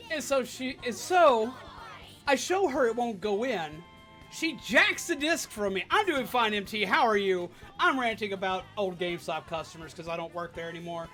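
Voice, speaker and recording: A young adult livestream host telling a work story in an animated, sarcastic rant while chatting with viewers. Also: mid-range voice, moderate pace, faint music behind. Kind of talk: live stream storytelling rant.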